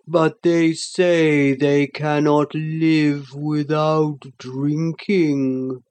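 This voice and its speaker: A woman's voice: low voice, little pitch movement, darkish tone. A woman voicing a huge, lazy, sleepy male sloth creature in a storybook reading, drawling and slobbery. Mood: drowsy. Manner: very slow, drowsy, demanding.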